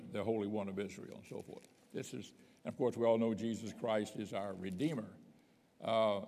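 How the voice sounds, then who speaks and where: A man's voice: on the low side, vocal fry, a little mellow, in a large hall. A man, a bishop, teaching a sermon, reading scripture aloud with emphasis between plain explanation.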